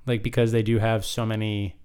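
A man's voice: fairly low pitch, little pitch movement, fairly quick, a little mellow, smooth. A man co-hosting a casual anime chat podcast, rambling with many restarts and fillers. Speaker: podcast co-host.

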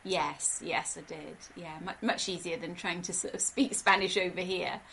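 Bright-voiced woman author being interviewed. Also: lowish voice, steady tone, normal speed, gravelly, a little hiss or hum, low-quality recording. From Wales. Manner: thoughtful, soft-spoken, uses many fillers. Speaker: author, podcast guest. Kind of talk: casual interview answers.

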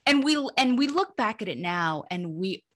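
A woman humor writer telling funny personal stories as an interview guest, lively and laughing, her voice jumping up when she reaches the punchlines. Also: medium pitch, moderate pace. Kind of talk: animated storytelling in an interview.

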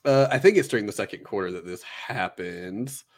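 A man's voice: lowish voice, lively intonation, normal speed. A man casually recapping an anime film in a chatty, rambling way, full of fillers. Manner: rambling, filler-heavy storytelling.

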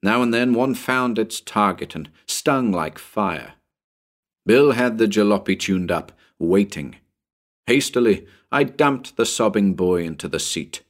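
Expressive male audiobook narrator. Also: on the low side, measured pace. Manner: dramatic, expressive reading. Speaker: narrator and channel host. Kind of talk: dramatic audiobook narration of a pulp story.

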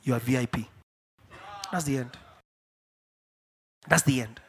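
A middle-aged man from Africa preaching a sermon in church, emphatic and repetitive, dropping to hushed asides and rising to shouted declarations. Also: medium pitch, unhurried. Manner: repeats key phrases for stress. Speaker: pastor.

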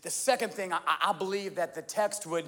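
A young male pastor delivers a sermon in a strikingly high voice. He leans on repetition and builds to fervent, ringing appeals. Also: normal speed, pushed and bright. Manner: rises to impassioned crying out, repeats phrases for emphasis.

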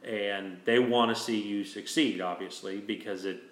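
Male host, low-leaning voice, easygoing rambling storyteller, recorded in a reverberant room. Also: steady tone, moderate pace. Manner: rambling, with many restarts and "you know". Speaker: host telling a hunting story. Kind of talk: casual storytelling chat.

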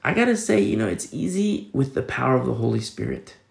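A man's voice: medium pitch, big pitch swings, brisk, creaky, roomy sound. A man preaching a sermon in a casual, conversational way, reading scripture and explaining it with everyday fillers. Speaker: pastor.

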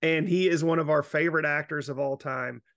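Gravelly, enthusiastic man. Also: on the high side, fairly even intonation, fairly bright tone, dry recording, studio quality. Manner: enthusiastic, halting restarts. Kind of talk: casual chat.

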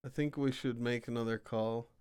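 A man's voice: medium pitch, steady tone, moderate pace, darkish tone, clean tone, dry recording. A man hosting a podcast in casual chat, who laughs often and lets his sentences trail off. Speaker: podcast host.

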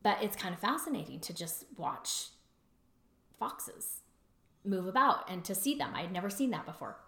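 A woman's voice: medium pitch, a bit bright, roomy sound. A woman telling a personal story in a reflective talk about trauma and choice, conversational and full of fillers. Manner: conversational, many fillers, mimics her husband in quotes.

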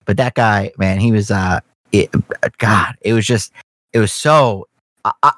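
A man's voice: lowish voice, a little slow, a bit bright, dry recording. A young man telling a long, profane story in casual podcast chat. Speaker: podcast co-host.

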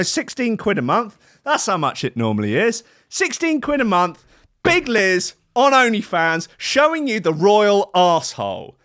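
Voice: mid-range voice, no echo, clean studio sound. A speaker with a British accent delivering a crude, mocking comedic rant full of swearing. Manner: sweary, mocking, animated, with voices and outbursts. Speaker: comedic ranter.

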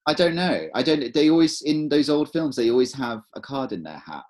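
A man co-hosting a podcast, chatting casually and spinning animated, rambling stories. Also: mid-range voice, a little fast. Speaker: podcast co-host. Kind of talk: casual chat.

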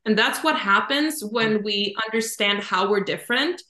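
A woman's voice: mid-range voice, moderate pace, bright, forceful tone, roomy sound. A woman guest, a Human Design coach, explaining ideas in casual chat with picture-like examples and a lot of "kind of" and "like". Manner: thoughtful, explains with images, says "kind of" and "like" often.

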